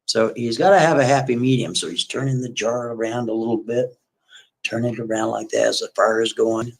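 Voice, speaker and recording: A man hosting a livestream, retelling a story in a casual, folksy way with repetitive, animated asides. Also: medium pitch, fairly quick, gravelly, rough recording.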